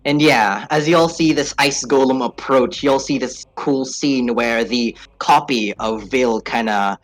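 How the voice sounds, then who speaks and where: A man narrating as game master in a casual way, with fillers, drawn-out phrasing. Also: mid-range voice, poor audio.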